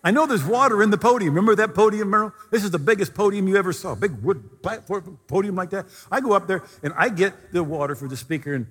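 A man preaching a storytelling sermon, animated and at times near-shouting. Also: high voice, fast, hardly any pauses, in a large hall.

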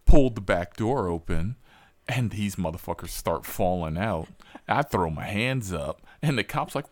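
Man, deep voice, lively pitch, dry sound, cursing storyteller, casual interview. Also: a little slow, no room sound. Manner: profane, animated storyteller with laughs. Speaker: rideshare driver and show host.

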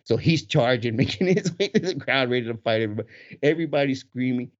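A man in his forties with a husky voice, telling a story casually with lots of laughter. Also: mid-range voice, fast. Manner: animated, laughs often, acts out voices in quotes. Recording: dull lo-fi recording.

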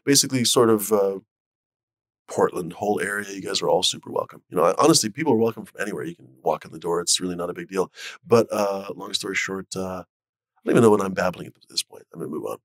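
A man's voice: deep voice, fast talker, no echo. A man hosting a casual livestream chat, rambling with lots of fillers and swearing, on a video call mic. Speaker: livestream host.

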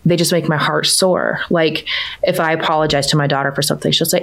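A woman with a low-pitched voice talks casually about her family as a coaching client. She fills her sentences with "like" and "you know" and gets animated when she quotes her children. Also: quick pace, creaky. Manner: chatty, lots of fillers like "like" and "you know", animated when quoting her kids. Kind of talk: casual conversational storytelling.

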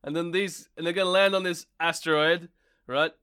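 A man's voice: fairly high pitch, steady tone, moderate pace, bright, forceful tone, clear, resonant tone. A young man co-hosting a podcast, teasing and laughing through casual chat. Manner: playful, teasing, laughs often. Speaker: podcast co-host.

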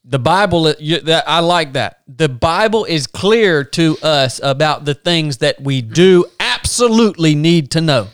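A man with a slightly high, smooth voice hosts a faith discussion. He speaks earnestly and turns to his listeners to encourage them. The recording is dry and close. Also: animated, a little slow, hardly any pauses, a bit bright, no echo. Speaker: podcast host. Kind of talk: encouraging podcast talk.

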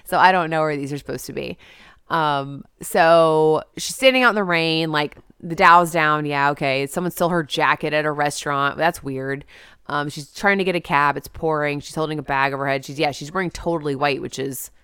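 Chatty woman co-host, smooth and dry. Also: deep voice, no room sound. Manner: chatty, animated, quick asides. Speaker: podcast co-host. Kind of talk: casual chat.

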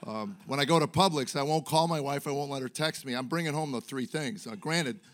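Performing stand-up for a live crowd, this middle-aged man spins meandering, self-deprecating tales full of filler words. He talks briskly in a mid-range, fairly bright voice.

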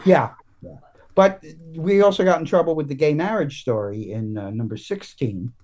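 Halting American man musing on writing. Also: a little high, lively intonation, a little mellow. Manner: halting, many restarts and fillers. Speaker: guest comics writer. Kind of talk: casual podcast interview.

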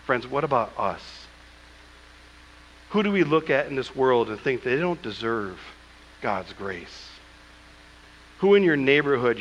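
A man's voice: medium pitch, a bit bright, big-room sound, lo-fi sound, a little hiss or hum. A man preaching a sermon as pastor, with emphatic asides and acted-out scripture quotes, speaking in a church. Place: church sanctuary.

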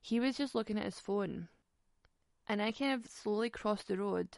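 A young Scottish woman telling a dating story on a podcast in a sweary, sarcastic, animated way. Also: mid-range voice, normal speed, vocal fry, no echo, clean studio sound. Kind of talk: casual storytelling.

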